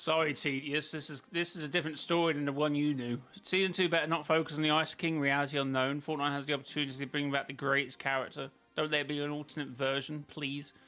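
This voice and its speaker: A man's voice: on the high side, level tone, fast talker, few pauses, pushed and bright, soft background music. A man streaming a game, chatting casually with his viewers in a rambling, self-interrupting way. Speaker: gaming streamer.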